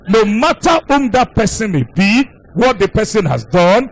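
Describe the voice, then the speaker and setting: High-voiced man preaching a sermon. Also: expressive, moderate pace, no room sound. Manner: emphatic, repetitive preaching cadence. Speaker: pastor.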